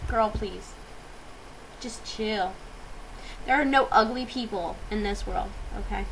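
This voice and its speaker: A woman's voice: medium pitch, unhurried, creaky, pauses often, a little hiss or hum, poor audio. A teenage girl ranting into her webcam in a fired-up vlog, with lots of fillers and hesitations. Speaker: vlogger.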